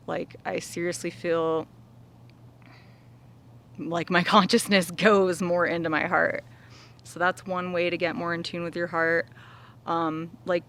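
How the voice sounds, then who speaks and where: Gravelly bright-voiced woman sharing openly. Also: on the low side. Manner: earnest, many "like" fillers, laughs between thoughts. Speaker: vlogger. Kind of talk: casual heartfelt talk to viewers.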